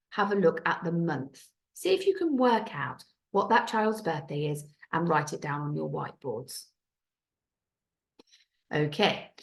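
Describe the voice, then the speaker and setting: A woman teaching a primary school French lesson on video, speaking clearly and patiently, with careful French pronunciation. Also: lowish voice. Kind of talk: recorded classroom video lesson.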